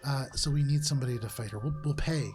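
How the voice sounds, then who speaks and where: A man's voice: mid-range voice, quick pace, a little mellow, faint music behind, lightly acted. Man voicing a dry, skeptical alien woman. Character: skeptical female alien casino agent.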